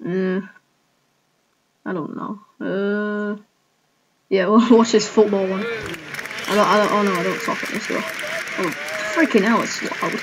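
A woman's voice: mid-range voice, steady tone, unhurried, long pauses, crowd noise, noisy background. A woman giving casual reaction commentary as a gaming YouTuber, who keeps exclaiming, cringing and laughing at herself.

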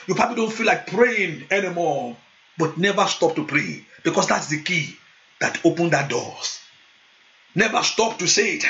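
A male pastor preaching a sermon, moving into loud fervent prayer and speaking in tongues. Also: high-pitched. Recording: dull lo-fi sound.

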